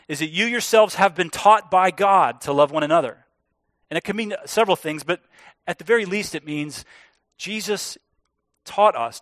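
A man preaching a sermon as pastor, earnest and emphatic, slowing down to stress key words. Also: fairly high pitch, a bit bright, no echo, studio quality.

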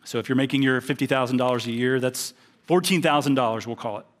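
A man's voice: medium pitch, fast. A man preaching a sermon, reading a parable aloud and explaining it earnestly. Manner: earnest, reads scripture aloud then explains it.

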